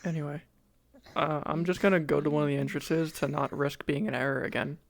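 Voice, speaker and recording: Creaky-voiced streamer chatting casually. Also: mid-range voice, fairly even intonation, brisk, no room sound. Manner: chatty, hesitant. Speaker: streamer and roleplayer. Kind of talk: casual out-of-character chat.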